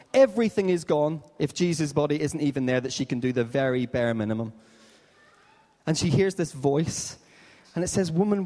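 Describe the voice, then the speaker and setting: A man preaching an Easter sermon in a rather high voice, with long reverb trailing behind every phrase in a large hall. He tells his stories animatedly and acts out each part of the dialogue. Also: darkish tone. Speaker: pastor.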